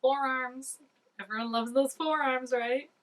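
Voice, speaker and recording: A woman giving casual, excitable reaction commentary, full of "like" and dropping into soft asides. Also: sits high, unhurried, distant mic, poor audio. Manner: chatty and excitable, peppered with "like", drops to soft asides. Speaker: reaction video host.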